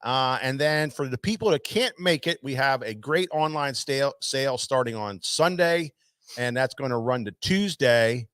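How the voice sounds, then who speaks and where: A man's voice: medium pitch, lively intonation, normal speed, a bit bright, clear, resonant tone, no echo, studio quality. A man hosting a live fishing tackle show, calling out viewers by name with lots of energy and loose filler words. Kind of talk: casual live-stream hosting.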